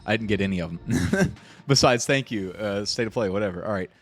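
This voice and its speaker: A man's voice: lowish voice, brisk. A man streaming from home, reacting live in a rambling, profane way and repeating himself when worked up.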